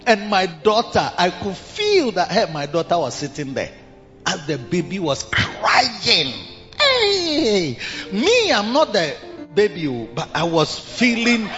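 An older man with a Ghanaian accent preaching a sermon in an animated way, bursting into shouts and slipping in local phrases. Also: high voice, measured pace. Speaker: pastor. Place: large cathedral hall. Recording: dull reverberant hall with music.

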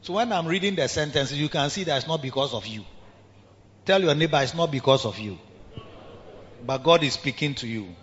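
A man's voice: on the high side, lively intonation, a little fast, long pauses, a bit bright. A man with a Ghanaian accent preaching a sermon as pastor, emphatic and calling out to the congregation in a large cathedral. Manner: emphatic, call-and-response preaching. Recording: reverberant hall, dull lo-fi sound.

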